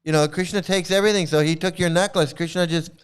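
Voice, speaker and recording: Man mocking a clip in a smooth voice. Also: on the high side, steady tone, fast. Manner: scornful, repetitive, stumbling restarts. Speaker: commentary host. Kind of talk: mocking reaction commentary.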